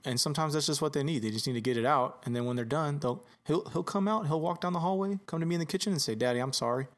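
A man's voice: fairly high pitch, rapid-fire. A man in casual podcast chat, telling stories about his young son and acting out the dialogue, swearing now and then. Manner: relaxed storyteller, swears casually, acts out dialogue. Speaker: podcast co-host, father.

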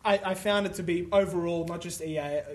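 Co-host, male, high voice, opinionated, trips over his own sentences. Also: brisk. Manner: animated, stumbles and restarts, opinionated. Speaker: podcast co-host back from a games trade show. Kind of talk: casual chat.

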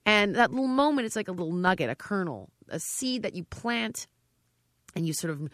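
Brief: middle-aged female trainer, blunt and emphatic, mid-range pitch, dry close-up sound. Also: a little fast, dry recording. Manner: emphatic and direct, with animated quoted dialogue. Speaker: fitness trainer on a TV show. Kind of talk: conversational interview.

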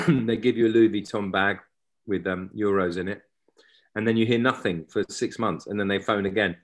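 Low-voiced actor, rambling. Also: male voice, steady tone, moderate pace. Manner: rambling, self-interrupting, anecdotal. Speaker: actor, guest. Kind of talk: casual interview chat.

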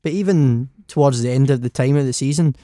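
A man's voice: medium pitch, fairly quick, warm tone, no room sound, clean studio sound. A Scottish man in his twenties, a DJ guest on a podcast, telling stories in casual, sweary chat. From Scotland. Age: 20s. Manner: swearing, storytelling, lots of "aye".

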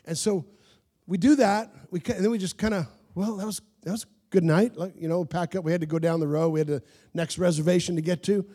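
A man preaching a sermon as pastor, telling stories with animated asides and laughs to his congregation. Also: a little high, fast talker.

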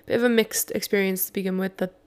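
A woman's voice: medium pitch, fairly even intonation, quick pace. A woman interviewing a guest, asking her questions hesitantly with many fillers.

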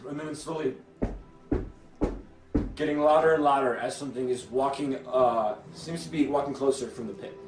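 A young man narrating a tabletop game as game master, stumbling over restarts and fillers. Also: medium pitch. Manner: halting, many restarts and fillers. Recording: echoey room with faint music.

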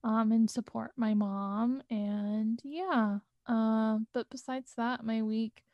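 A young woman in her twenties co-hosting a casual podcast, relaxed and quick to laugh. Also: on the high side, no room sound, highs cut off. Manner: laughs often, drawn-out, relaxed delivery. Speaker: podcast co-host, music student.

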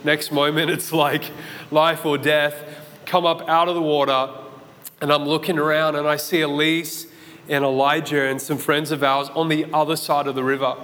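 Australian pastor preaching in a reverberant church. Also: male voice, a little high, normal speed. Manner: animated storytelling, acts out his own shouts and thoughts. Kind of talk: sermon with personal story. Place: church auditorium. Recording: long church hall reverb.

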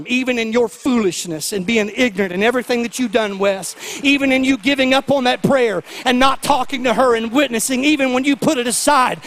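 A man, a pastor telling a story in a sermon and building to loud, fervent preaching. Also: very high-pitched, fairly quick, few pauses, long reverb tail. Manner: storytelling, then shouting, rising preaching.

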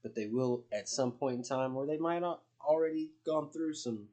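Middle-aged guy rambling on his podcast, easygoing, cusses a lot, normal pitch. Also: moderate pace, mellow. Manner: rambling, loose, swears freely. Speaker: podcast host. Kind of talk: casual podcast chat.

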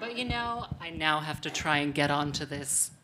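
A young adult woman performing a stand-up comedy set in front of a live audience, with self-mocking deadpan asides to the crowd. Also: sits low, moderate pace, slight background noise.

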